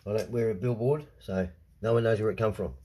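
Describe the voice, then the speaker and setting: A man's voice: fairly low pitch, fairly even intonation, fairly quick, mellow, slight background noise. A man with an Australian accent, ranting in a casual vlog monologue. He swears a lot, repeats himself, and keeps tagging his sentences with "right?". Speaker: vlogger.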